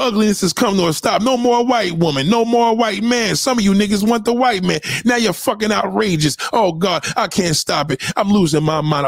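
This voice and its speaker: A man delivering a profane, confrontational ranting monologue, swinging between loud outbursts and low mutters. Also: no echo, studio quality.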